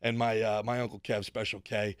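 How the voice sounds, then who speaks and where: A man hosting a casual podcast, joking and teasing his guests in an animated way. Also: on the low side, brisk, clean tone, no room sound, clean studio sound. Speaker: podcast host and comedian.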